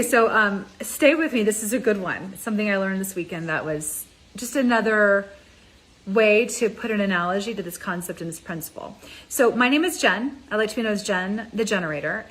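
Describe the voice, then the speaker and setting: A woman life coach giving an energetic, conversational motivational talk, speaking straight to her viewers. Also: mid-range voice, rough recording. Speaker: mind ascension coach.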